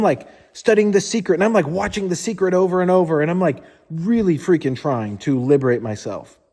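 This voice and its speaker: A man's voice: on the high side, dark tone, in a large hall. A man in a casual motivational storytelling style, candid and informal, who swears often and says "like" a lot. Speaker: motivational speaker.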